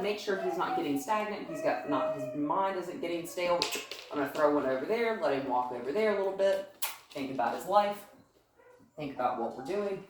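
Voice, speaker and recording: A woman with a fairly low voice talks through a dog training session in a chatty, upbeat way. She sounds far from the mic, in a very echoey living room. A faint hiss sits under her voice. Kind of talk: casual training demonstration. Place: living room at home with a couch.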